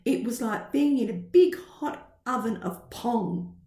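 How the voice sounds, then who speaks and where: A woman reads a children's picture book aloud, slowly and with animated, sing-song expression. Her voice sits fairly high for a woman. The recording has a roomy echo. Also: creaky. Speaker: storyteller.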